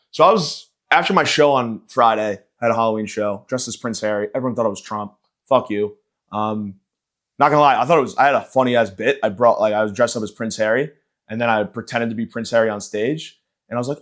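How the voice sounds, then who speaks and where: A man hosting a podcast, ranting in a profane, sarcastic, rambling comedic style. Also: medium pitch. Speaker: podcast host and stand-up comedian. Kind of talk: casual comedic rant.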